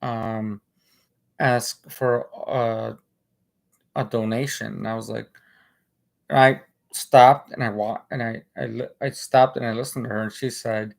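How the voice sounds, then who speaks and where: A man hosting a casual livestream, talking earnestly in a halting way with many restarts. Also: mid-range voice, fairly even intonation, creaky. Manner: earnest and emotional. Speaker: livestream host.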